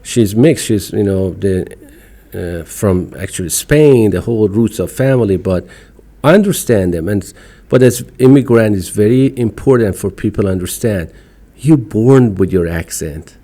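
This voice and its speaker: A man's voice: on the low side, animated, moderate pace, dark tone. Iranian-accented man speaking emphatically. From Iran. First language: Farsi. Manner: emphatic, outspoken, broken English. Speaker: podcast guest. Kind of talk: casual conversation.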